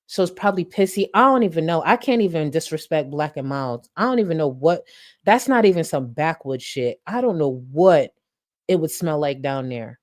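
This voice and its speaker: A woman with a notably low voice hosts a live reaction stream. She talks bluntly and mockingly, throwing in crude jokes and plenty of profanity as she comments on clips. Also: animated, moderate pace.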